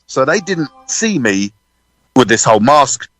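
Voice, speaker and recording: A British drummer, a guest on a radio interview, tells a lively story, swearing freely and acting out other people's voices. His voice is mid-range and a little slow. The recording is dry and poor in quality.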